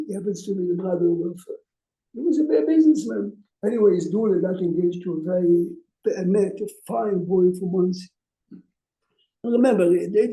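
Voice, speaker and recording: Man, rabbi, informal lecture, storytelling, rhetorical questions, high and very dark voice. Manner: conversational, rhetorical questions to listeners. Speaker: rabbi teaching a class. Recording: echoey room.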